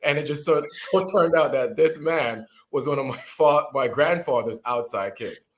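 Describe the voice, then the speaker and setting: A man in his thirties, from Jamaica, telling a personal story as a guest speaker, with lively delivery and frequent restarts. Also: a little high, moderate pace. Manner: animated storyteller, acts out quoted voices, frequent restarts.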